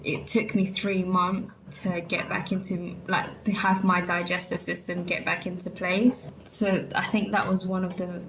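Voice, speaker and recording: A woman's voice: lowish voice, level tone, a little slow, hardly any pauses, background noise. Chatty young woman. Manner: chatty, says "like" and "literally" a lot; candid storytelling to viewers. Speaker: vlogger. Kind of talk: casual chat.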